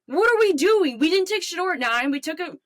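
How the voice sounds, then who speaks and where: A woman's voice: extremely high pitch, animated, brisk, fairly bright tone, dry recording, pitched above the performer's own voice. A woman playing a furious fan calling in to a sports radio show, ranting and swearing.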